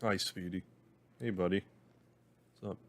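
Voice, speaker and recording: A man streaming a game, reading its story aloud in a steady voice and dropping casual asides. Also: low-pitched, measured pace. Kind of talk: reading a visual novel aloud on a livestream.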